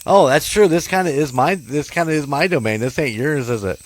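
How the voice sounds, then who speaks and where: A man's voice: on the high side, fairly quick. A man hosting a podcast in casual chat, laughing often and agreeing with his co-host.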